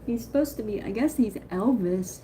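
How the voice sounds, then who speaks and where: A woman chatting on a live stream in a rambling, excitable way, greeting viewers as she talks. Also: mid-range voice, moderate pace, slight background noise. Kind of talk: casual live-stream chat.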